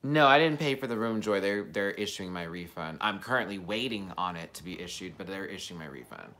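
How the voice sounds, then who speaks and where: Guy ranting on his vlog, sassy and cussing, gets loud then drops to mutters. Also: a little fast. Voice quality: animated, sassy, profane, swings between loud outbursts and low asides. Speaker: vlogger. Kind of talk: casual storytelling rant.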